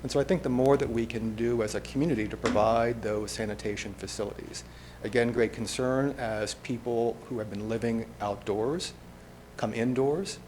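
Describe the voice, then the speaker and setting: A man, a public health officer, answering a question at a public board meeting in an earnest, measured way with some restarts. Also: mid-range voice, darkish tone, a little hiss or hum.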